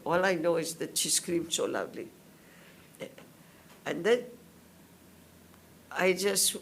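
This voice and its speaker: Gravelly-voiced older woman from India. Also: fairly low pitch, a little hiss or hum. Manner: slow, detailed storytelling that acts out others' words. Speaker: witness at a public hearing. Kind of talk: spoken testimony.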